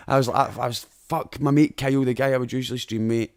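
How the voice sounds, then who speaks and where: A man's voice: medium pitch, fairly even intonation, quick pace, hardly any pauses. A young Scottish man hosting a podcast, telling a sweary story with lots of laughter. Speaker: podcast host. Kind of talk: casual chat.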